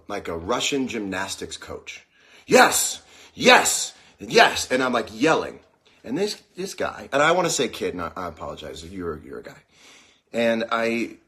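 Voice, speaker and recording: A man in his forties hosting a casual live-stream chat, rambling and joking, now and then bursting into yells, with an aching dry socket. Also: on the low side. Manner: rambling, jokey, bursts into yelling. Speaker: show host.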